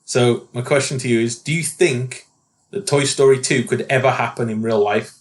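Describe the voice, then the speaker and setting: A man's voice: mid-range voice, fairly even intonation, normal speed. A man co-hosting a podcast in casual chat, playful and teasing, laughing often. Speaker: podcast co-host.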